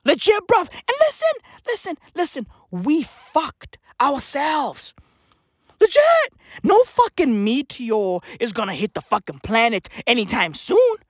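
A comedian delivering a manic, profane rant that swings between shouting and muttering. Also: mid-range voice, sing-song, measured pace, dry recording, studio quality.

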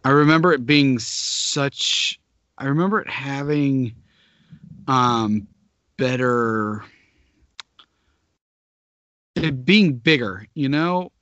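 A man in his thirties co-hosting a casual chat, relaxed and hesitant, trailing off with fillers, in a dull, muffled recording. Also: medium pitch, takes it slowly, dry recording.

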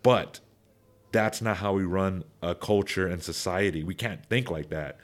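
A young man with a lowish voice talks through his opinions in loose podcast chat. He rambles, restarts sentences and repeats words, then speeds up or gets louder when he makes a point. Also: a little slow.

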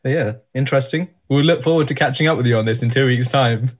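A man co-hosting a podcast, chatting casually with dry, deadpan teasing. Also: mid-range voice, fast, breathy edge. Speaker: podcast co-host.

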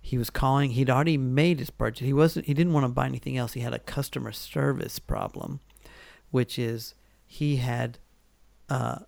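Guy with a gravelly voice rambling through old work stories, dry close sound. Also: mid-range voice, fairly even intonation, moderate pace, a little mellow, no echo. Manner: rambling, many fillers and restarts. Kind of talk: casual storytelling chat.

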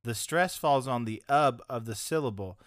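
A man's voice: mid-range voice, moderate pace, a bit bright, no echo, clean studio sound. A man co-hosting a podcast in casual chat, playful, laughing often and explaining game rules. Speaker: podcast co-host.

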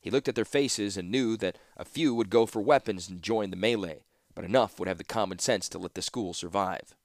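A man reading fantasy fiction aloud as an audiobook narrator, in steady, measured storytelling. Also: on the low side, no echo, clean studio sound.

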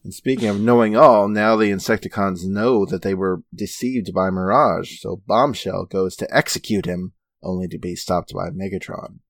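A male podcast co-host recaps plot points in a low, steady voice with a dry sense of humor. His delivery stays even and matter-of-fact. The close mic gives little room sound. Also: moderate pace, hardly any pauses, dry recording. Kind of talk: reading episode recap in casual chat.

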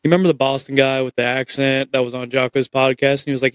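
A man's voice: medium pitch, level tone, rapid-fire, hardly any pauses, clean tone, no room sound. A man hosting a podcast, chatting casually and telling stories with quoted asides. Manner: loose storytelling with quoted asides. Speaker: podcast host. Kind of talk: casual chat.

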